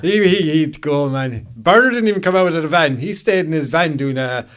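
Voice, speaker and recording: A man's voice: on the high side, animated, normal speed, fairly bright tone. An Irish man hosting a photography podcast, chatting casually and laughing easily, with plenty of Irish slang. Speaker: podcast host and professional photographer. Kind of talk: casual chat.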